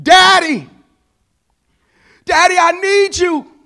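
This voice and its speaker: A man voicing his panicked young adult daughter, pleading desperately and shouting for help. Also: very high voice, takes it slowly, pitched above the performer's own voice, full character voice.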